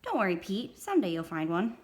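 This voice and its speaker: A woman's voice: medium pitch, very animated, fairly quick, lightly acted. A woman voicing a cheeky, chatty little boy of about five in a read-aloud story. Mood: teasing. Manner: chatty, eager, matter-of-fact.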